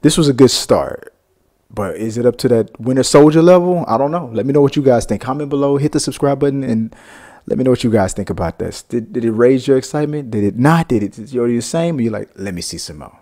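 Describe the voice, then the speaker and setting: A man hosting a reaction video, giving chatty, excitable, rambling commentary. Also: mid-range voice, quick pace.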